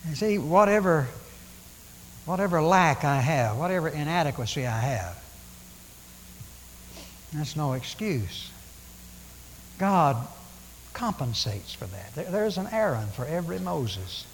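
A preacher delivers a folksy, conversational sermon, often restarting his words and acting out the lines in his text. His voice sits a little high for a man and rings with the long reverb of a church sanctuary. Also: sing-song, unhurried, long pauses, a little hiss or hum. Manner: conversational preaching with stammered restarts and dramatic paraphrase.

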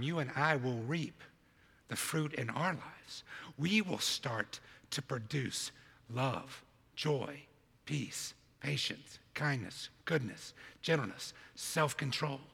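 A man preaching a sermon as a church planter, telling a story in an animated way and acting out his own side of a conversation. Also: fairly high pitch, creaky, slightly rough, in a large hall.

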